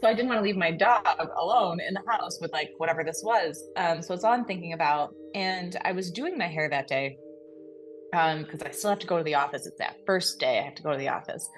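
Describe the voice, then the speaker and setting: A woman co-hosting a podcast, retelling a frightening personal experience in a lively, breathless way, full of fillers and laughs. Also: lowish voice, a little fast, soft background music. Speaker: podcast co-host. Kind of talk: casual storytelling.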